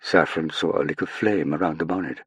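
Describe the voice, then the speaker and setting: A man narrating an audiobook in a measured, even storytelling manner. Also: rumbling low, slightly rough, no room sound. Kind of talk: scripted narration.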